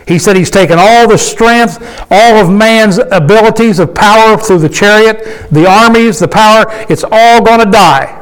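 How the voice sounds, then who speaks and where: High-voiced folksy preacher man. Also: normal speed, clear, resonant tone, poor audio. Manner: folksy, emphatic, asks the congregation questions. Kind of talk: conversational sermon with call and response.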